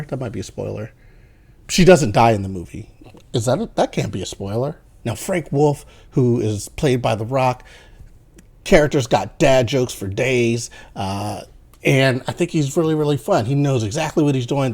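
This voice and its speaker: A man in a whispered role-play, giving a playful, jokey movie review in a hushed voice. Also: mid-range voice, slightly rough.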